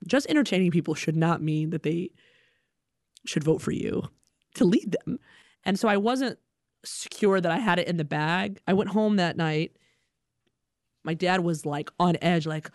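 A young adult woman telling a comic personal story in an animated way, acting out the people in it. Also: fairly low pitch, moderate pace, long pauses, dry recording. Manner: animated, acts out other people's voices.

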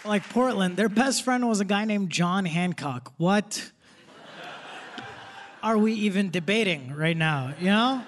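A young man doing live stand-up comedy on a theater stage, casual and punchy, laughing as he goes. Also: sits high. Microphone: stage microphone. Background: audience laughter.

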